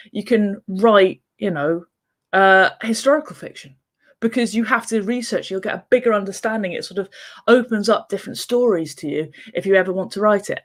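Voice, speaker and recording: Woman author, casual vlog delivery, mid-range pitch, chatty and digressive, keeps restarting her sentences. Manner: chatty, rambling, full of asides and restarts. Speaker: children's book author.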